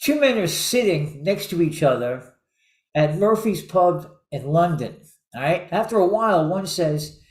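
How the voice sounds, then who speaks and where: A man hosts a relaxed chat and tells jokes and stories, chuckling as he goes. His voice sits a little high. The room around him rings with echo. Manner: chuckling storyteller, halting restarts. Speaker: show host. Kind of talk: casual joke-telling chat.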